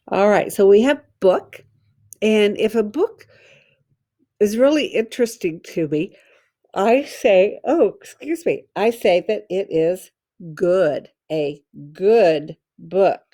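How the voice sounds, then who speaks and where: A woman teacher giving a slow, careful phonics lesson for children, sounding out letters and syllables one by one. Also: mid-range voice, lively intonation, mellow.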